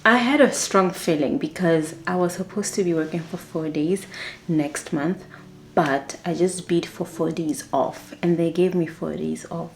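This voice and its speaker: A young woman, a flight attendant chatting excitedly in a casual vlog. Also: on the low side, a little slow, creaky, a little hiss or hum, poor audio. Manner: chatty, excitable, acts out quotes.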